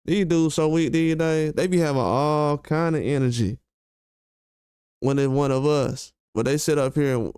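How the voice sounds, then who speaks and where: A man's voice: on the high side, steady tone, moderate pace, a little mellow, clear, resonant tone, no room sound, studio quality. A man hosting a commentary video, ranting in a heated, slangy, emphatic way and repeating his points. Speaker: commentary channel host. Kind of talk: casual commentary rant.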